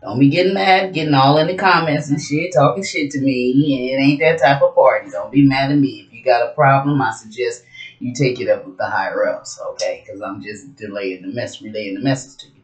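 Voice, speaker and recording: A woman's voice: extremely low pitch, fairly quick. Brash, profane woman doing a casual tarot reading, recorded in a roomy, echoing space. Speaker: tarot reader. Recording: roomy echo.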